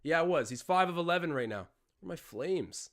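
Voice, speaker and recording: A man's voice: a little high, expressive, brisk. Chatty young man calling a game live. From Canada. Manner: rambling, chatty, jumps between play-by-play and tangents. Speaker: live-stream host. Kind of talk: casual live watch-along commentary.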